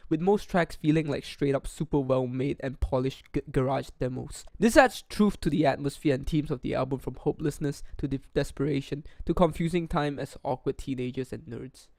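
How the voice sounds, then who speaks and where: A young man talks through an album review with earnest enthusiasm, his voice sitting at an ordinary middle pitch. He is recorded close on a condenser microphone at home. The sound is dry, with no room echo. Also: a little fast, vocal fry, hardly any pauses, a little mellow. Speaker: music reviewer. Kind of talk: scripted album review narration. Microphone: condenser studio microphone.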